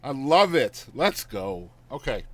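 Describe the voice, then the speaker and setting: A man's voice: medium pitch, big pitch swings, slow pace, dry recording. Upbeat male podcast host. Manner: upbeat, encouraging, leading segments. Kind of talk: podcast interview.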